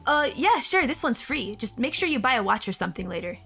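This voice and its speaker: A woman's voice: a little high, very animated, fairly quick, sharp tone, faint music behind, exaggerated voice. A woman doing a breezy young merchant boy. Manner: blunt, offhand and breezy.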